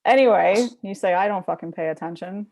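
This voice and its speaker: A woman with a Canadian accent co-hosting a casual history chat, blunt and quick to swear. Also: mid-range voice, darkish tone. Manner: blunt, swears freely, self-mocking. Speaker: podcast co-host.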